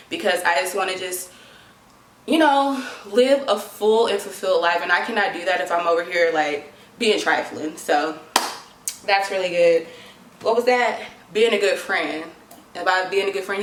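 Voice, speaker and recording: A woman's voice: medium pitch, a bit bright. A young woman talking casually to camera in an advice vlog, chatty and dramatic, full of "like". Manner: chatty, dramatic, lots of filler "like". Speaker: vlogger. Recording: echoey room.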